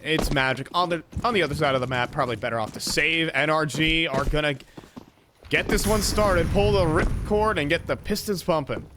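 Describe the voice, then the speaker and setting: Playful higher-voiced male esports caster. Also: a little fast, background noise. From North America. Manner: playful, teasing banter. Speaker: esports commentator. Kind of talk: live play-by-play commentary.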